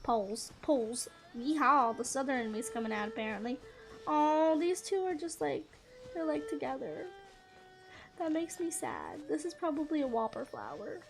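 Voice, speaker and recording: A woman's voice: high voice, very animated, moderate pace, creaky, a little mellow. A woman gaming streamer chatting casually and rambling with frequent giggles as she plays. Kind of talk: casual gameplay chat.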